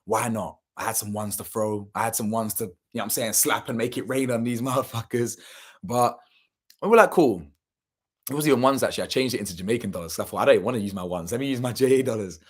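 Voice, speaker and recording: A man's voice: lowish voice, very fast. A young man, telling a story casually and animatedly, full of slang and swearing, acting out what people said. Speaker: channel host.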